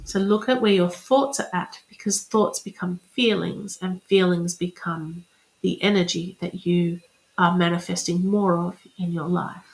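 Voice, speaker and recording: A woman's voice: lowish voice, steady tone, a little slow. A woman speaking as a spiritual reader and coach in a chatty, encouraging live-streamed talk, repeating affirmations. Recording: roomy echo.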